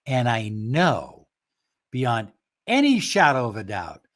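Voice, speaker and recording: A man teaching a self-help practice, speaking slowly and emphatically and dropping some words to a soft whisper. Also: medium pitch, wildly swooping pitch. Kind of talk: motivational talk to camera.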